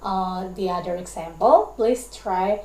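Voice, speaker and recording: A young woman from Indonesia, a university student giving a class presentation, explaining carefully and deliberately. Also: mid-range voice, mellow, reverberant, rough recording. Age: young adult. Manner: careful, deliberate explaining, often linking with "and then".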